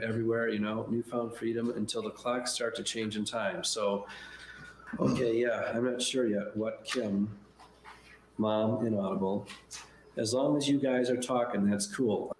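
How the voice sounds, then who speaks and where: A man chatting in a relaxed, rambling way about family, with many fillers. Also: mid-range voice. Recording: roomy recording with faint background noise.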